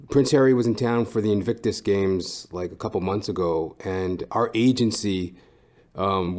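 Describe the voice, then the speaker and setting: A podcast host talks in a rambling, casual monologue, swearing freely and padding his sentences with "like" and "um." His voice sits a little lower than most men's. He sounds loose and unscripted. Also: a little mellow. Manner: profane, rambling, heavy fillers.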